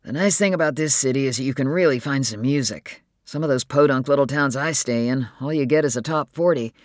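Narrator doing a relaxed, chatty adult man who loves music, read in a dry audiobook voice. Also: medium pitch, a little fast, no echo, lightly acted. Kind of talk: audiobook character voice.

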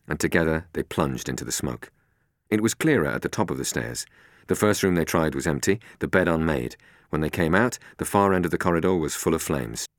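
A man's voice: rumbling low, expressive, a little fast, dry recording, studio quality. A man narrating a storybook, in a tense, suspenseful reading.

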